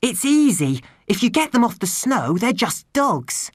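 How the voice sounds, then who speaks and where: A woman's voice: a little high, sing-song, measured pace, no echo, studio quality, voice pushed up. A woman voicing a brave, curious young girl who questions everything, in a storybook reading. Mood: earnest. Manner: earnest, questioning.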